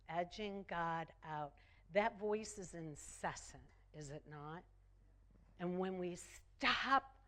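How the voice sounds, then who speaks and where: A woman minister delivering a sermon, slow and emphatic, repeating phrases for effect. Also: lowish voice.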